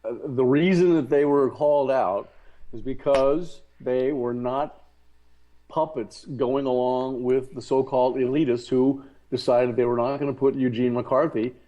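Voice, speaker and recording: A man discussing politics as a talk show guest, halting and repeating words, then pressing his points hard. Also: medium pitch, fairly even intonation, dull audio. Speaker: guest commentator.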